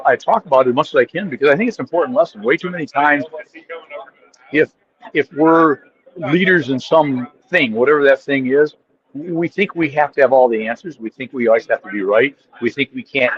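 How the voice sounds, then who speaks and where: Animated man telling stories as a guest. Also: medium pitch, lo-fi sound. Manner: animated storyteller acting out quotes, frequent restarts. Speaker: podcast guest, author. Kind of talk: casual chat.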